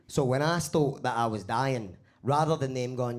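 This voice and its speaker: A man with a Glaswegian accent performing a live stand-up set in a basement comedy club. He swears freely and talks in an animated way. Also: mid-range voice, normal speed. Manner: swearing, animated, laughs at own jokes.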